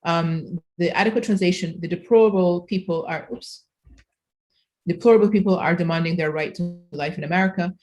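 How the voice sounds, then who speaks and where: A woman's voice: fairly low pitch, a little fast, darkish tone, soft background music. A woman from Egypt, giving a conference keynote lecture, explaining with frequent fillers and self-corrections. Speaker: keynote speaker.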